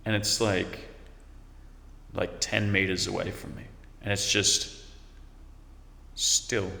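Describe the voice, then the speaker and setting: Australian man, low voice, easygoing rambling storyteller, roomy echo with a long tail. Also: level tone, takes it slowly, creaky, bright, forceful tone. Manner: rambling, laid-back, drifts off topic. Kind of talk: casual storytelling. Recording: echoey room with long reverb.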